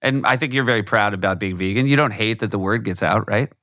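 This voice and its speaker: A man's voice: lowish voice, quick pace, bright, forceful tone. A man in his fifties hosts a casual podcast. He asks friendly questions and laughs easily, and his voice sounds close and dry with no room echo. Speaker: podcast host.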